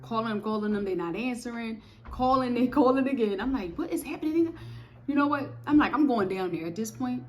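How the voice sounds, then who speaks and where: A young woman telling her faith testimony in a lively, preachy way, talking straight to her viewers. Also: fairly high pitch, brisk. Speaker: testimony speaker. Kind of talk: casual spoken testimony.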